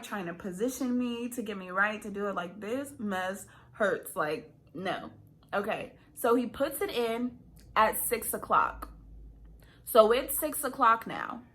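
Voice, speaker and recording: A woman vlogger telling a story casually, laughing often and acting out what people said. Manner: animated, laughing, acts out quotes in high pitch.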